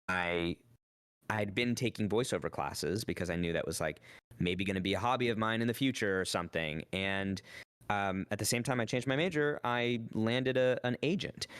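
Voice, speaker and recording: A man in his thirties, a voice actor guest, chatting casually and acting out quoted lines in lively voices. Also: fairly low pitch, clear, resonant tone, dry recording, studio quality. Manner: animated storyteller, acts out quotes in voices. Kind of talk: casual chat on a stream.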